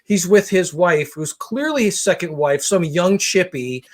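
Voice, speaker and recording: Profane, animated ranting man. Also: high voice, measured pace. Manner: animated, profane, exasperated ranting with voiced impressions. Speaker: podcast co-host. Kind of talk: comedic storytelling rant.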